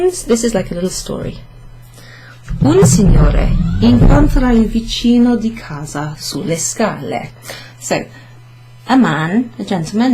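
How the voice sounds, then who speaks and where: Chatty woman teaching Italian, lower pitch, slow careful examples. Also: creaky, dark tone, husky, low-quality recording. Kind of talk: casual classroom explanation.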